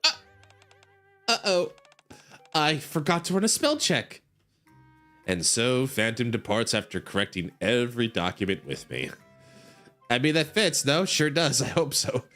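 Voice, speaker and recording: A man's voice: mid-range voice, sing-song, a little slow, long pauses, pushed and bright, soft background music. A man streaming, casually reading a game story aloud, giggling, rambling and stumbling over words.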